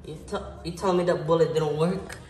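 A man's voice: fairly high pitch, steady tone, fairly quick, darkish tone, echoey room, slight background noise, natural voice. A man playing a hero in improvised toy make-believe, fighting a villain who is too strong for him. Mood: determined. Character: male hero beaten by a villain. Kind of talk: improvised toy play-acting.

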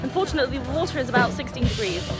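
A woman's voice: high voice, expressive, rapid-fire. A young woman, vlogging casually and chattily from an outdoor festival as a children's entertainer. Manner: bubbly and chatty. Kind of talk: casual vlog. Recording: music playing in the background.

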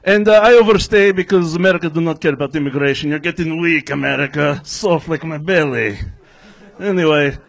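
A man's voice: a little high, a little fast, creaky. A man putting on a brash fake-Russian comic. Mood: deadpan boastful. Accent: put-on Russian. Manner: broken English, deadpan boasting. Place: comedy club stage. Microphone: handheld stage mic.

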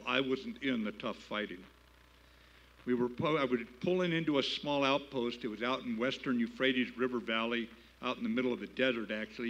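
A man's voice: medium pitch, bright, forceful tone. Older guy telling a story at a gala, plain-spoken and folksy, middle voice, bit muffled. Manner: plain-spoken, folksy, building to emphatic patriotic appeals. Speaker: keynote speaker. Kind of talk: storytelling speech. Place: gala banquet hall.

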